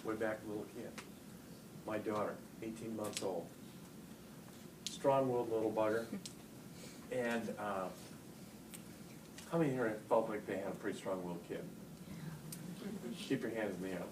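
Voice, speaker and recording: A middle-aged man giving a live talk to teachers and parents, telling stories in an animated way and getting loud for punch lines. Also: lowish voice, a little slow, long pauses. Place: large hall with audience. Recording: echoey hall, distant mic, noisy.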